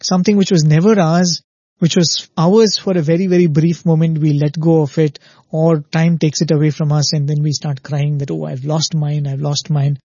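A man's voice: a little high, steady tone, moderate pace, dark tone, no room sound, highs cut off. A man giving an earnest spiritual discourse on a show, telling parables and often asking "right?". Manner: earnest, repetitive "right?" checks, storytelling.

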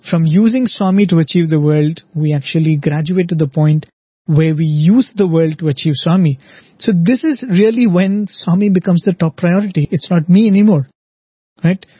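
A man gives a reflective devotional talk, his voice somewhat high, husky and mellow. The sound is dry and dull, like a lo-fi recording. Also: normal speed, dry recording. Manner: reflective, explains with stories and rhetorical "right?". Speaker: devotional speaker.

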